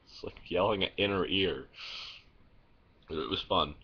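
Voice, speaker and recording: Low-voiced young man rambling. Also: takes it slowly, breathy edge, lo-fi sound. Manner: rambling, full of "like" and restarts, laughs at his own stories; swears casually. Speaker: vlogger. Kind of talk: casual vlog storytelling. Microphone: phone.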